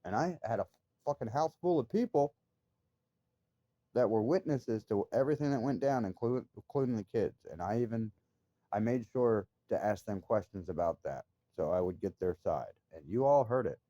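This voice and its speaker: A man's voice: on the low side, expressive, moderate pace, mellow, no echo, muffled recording. A man talking straight to his viewers in a casual monologue, telling an upsetting story in an agitated, emphatic way with frequent swearing. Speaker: vlogger.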